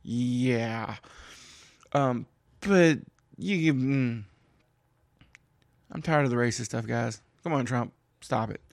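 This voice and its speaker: This Kentucky political commentary host takes it slowly, his creaky voice pausing often, in a studio-quality recording with no echo. His casual solo rant is animated and exasperated, with his pitch leaping up for emphasis.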